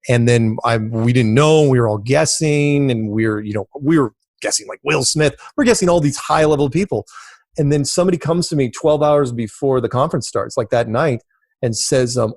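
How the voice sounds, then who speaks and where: A man's voice: mid-range voice, fairly quick, no echo. A man talking as an interview guest, rambling and circling back on his words while acting out what other people told him. His voice sits in a middle range, and the sound is dry and close, with no room around it. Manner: rambling, repeats words, animated quoting of others. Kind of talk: casual storytelling in an interview.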